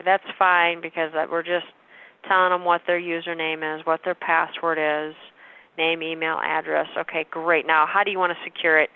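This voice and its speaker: A woman's voice: on the low side, steady tone, moderate pace, clean tone. A woman coaching a sales team on a call, matter-of-fact and often checking in with "okay?". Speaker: sales trainer. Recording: tinny phone-line call.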